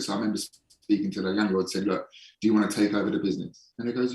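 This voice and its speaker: A man with a low voice tells his story in a casual podcast interview, frank and sometimes swearing, slowing down to stress points. His voice sits somewhat back from the microphone in an echoey room. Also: steady tone, a little mellow, far from the mic. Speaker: podcast guest, holistic performance coach.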